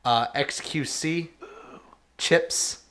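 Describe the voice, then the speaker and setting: A man's voice: fairly high pitch, very slow, fairly bright tone. A man co-hosting a casual esports chat, playful and joking as he reads out team rosters. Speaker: co-host.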